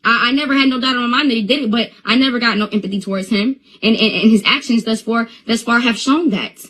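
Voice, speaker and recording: Young woman going off on a phone live, kinda high voice, stammering and repeating herself. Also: fast talker, fairly bright tone, rough recording. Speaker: Instagram live streamer. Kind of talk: emotional live-stream rant.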